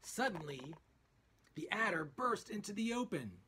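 Expressive male storybook reader, unhurried with a breathy edge. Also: high-pitched. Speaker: children's book reader. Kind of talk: reading a picture book aloud.

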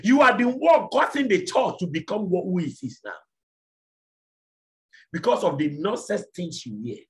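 Impassioned preacher with a lively high voice. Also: male voice, normal speed. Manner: impassioned, repeats lines, shouts rhetorical questions. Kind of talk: fiery sermon.

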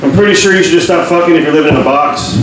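Man, stand-up comic, high lively voice, distant mic, crowd noise. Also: rapid-fire, very echoey. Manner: crude, animated, acts out voices. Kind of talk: stand-up comedy set. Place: crowded pub comedy stage.

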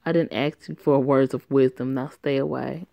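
A woman's voice: very deep voice, fairly even intonation, moderate pace, creaky, no echo, lo-fi sound. A woman voicing a stern, controlling mother of a teenage boy, giving orders in a bossy, commanding way.

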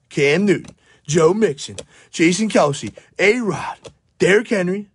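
A young man with a hoarse, worn-out voice, frantically narrating a card pack opening at home, swearing and shouting in disbelief while filming on his phone. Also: sits high, expressive, unhurried. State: hoarse, voice shot. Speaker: sports card pack breaker. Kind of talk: hyped live pack-opening commentary. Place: at home by a table.

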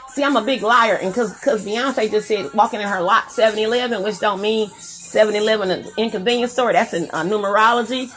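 A woman's voice: mid-range voice, a little fast, fairly bright tone. A woman chatting on a live stream in a loose, crude, rambling way, jumping between jokes and singing along. Faint music plays behind her. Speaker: vlogger. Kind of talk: casual live-stream chat.

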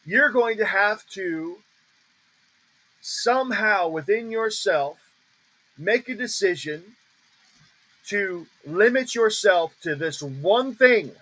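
Brief: male preacher teaching on a group call, slightly high voice, drawn-out emphatic declarations. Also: lively intonation, bright, forceful tone, low-quality recording. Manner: emphatic, repeats declarations slowly with stress. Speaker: ministry teacher.

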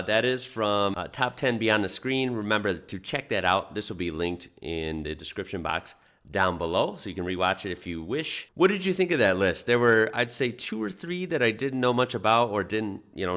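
A young man from the United States talks over a clip he is reacting to. His voice sits very low. His delivery is relaxed and rambling, with fillers and the odd chuckle. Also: moderate pace. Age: young adult. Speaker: reaction video host. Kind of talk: casual reaction commentary.

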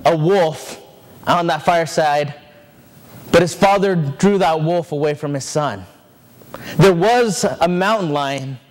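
High-voiced man preaching a sermon. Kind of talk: sermon storytelling. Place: church sanctuary.

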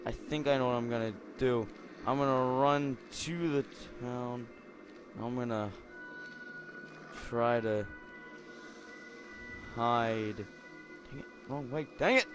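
A young man giving silly, rambling commentary on a game, jumping from mumbles to squealing shouts. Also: mid-range voice, steady tone, slow, pauses often, faint music behind. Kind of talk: goofy gameplay commentary.

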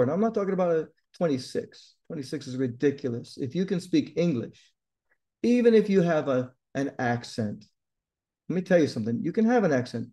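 Blunt, emphatic male tutor, mellow voice. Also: a little high. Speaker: TOEFL tutor. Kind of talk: direct-to-camera lesson.

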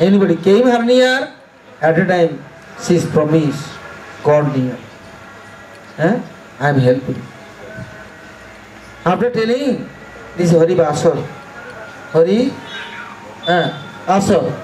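A man preaches a devotional sermon in high, ringing tones. He speaks in broken, emphatic English and hammers home short repeated phrases. He sounds set back from the microphone in an echoing room, with faint music underneath. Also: a little mellow, slight background noise. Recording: echoey room, mic at a distance, faint music.

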